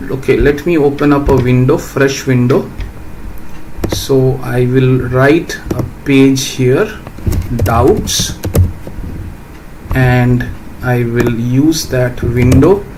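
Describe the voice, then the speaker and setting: A man's voice: mid-range voice, slow, long pauses, a little hiss or hum, rough recording. A man, teaching programming in a live stream and patiently answering viewer questions. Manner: explains patiently, reads out questions, asks "right?".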